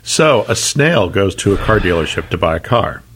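A man co-hosting a casual chat who tells jokes and throws in quick wisecracks. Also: sits low, big pitch swings, a bit bright, a little hiss or hum. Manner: playful joke-teller, quick wisecracks. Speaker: co-host.

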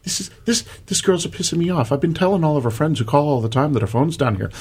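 A man voicing a fed-up, scheming female Irish bartender with a put-on Irish accent, high and gleeful. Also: lively intonation, fast talker, a little mellow, slightly rough. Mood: irritated. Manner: high, laughing, gleeful mimicry.

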